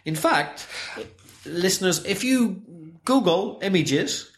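A man's voice: high voice, expressive, takes it slowly. A man from Northern Ireland with a Northern Irish accent, co-hosting a casual chat and explaining things patiently with frequent fillers. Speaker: podcast co-host.

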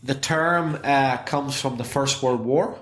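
Speaking slowly in a mid-range, fairly bright voice, a Northern Irish man co-hosts a casual podcast chat. He lays things out patiently and peppers his talk with fillers.

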